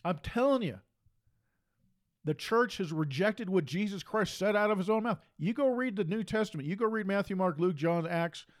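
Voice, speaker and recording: Male preacher, insistent and repetitive, sits a bit high in his range. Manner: emphatic and repetitive, hammering phrases. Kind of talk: preaching monologue.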